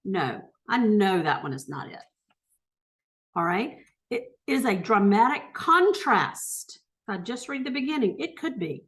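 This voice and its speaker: A woman's voice: mid-range voice, very animated, unhurried. A woman teacher thinking aloud as she works through test questions, correcting herself and talking through each step.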